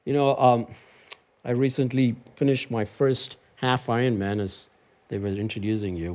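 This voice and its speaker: A man preaching a sermon in a church, telling a personal story and building to emphatic, high-pitched proclamation. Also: a little mellow. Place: church sanctuary.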